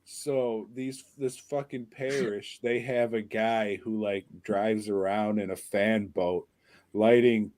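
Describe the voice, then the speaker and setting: Podcast co-host, male, low voice, unhurried, crude rambling delivery. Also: fairly even intonation, a little mellow, dry recording. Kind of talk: casual profane chat.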